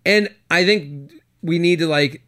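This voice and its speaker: A man's voice: fairly high pitch, fairly bright tone. A young man hosting a podcast, giving joking, chatty relationship advice. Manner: joking, chatty, quick asides. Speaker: podcast host. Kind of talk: casual advice chat.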